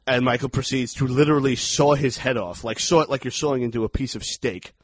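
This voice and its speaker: A man co-hosting a podcast, chatting casually as he recaps a horror movie scene by scene, animated and quick to act out outbursts. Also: medium pitch, slightly rough. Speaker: podcast co-host. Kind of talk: casual movie review chat.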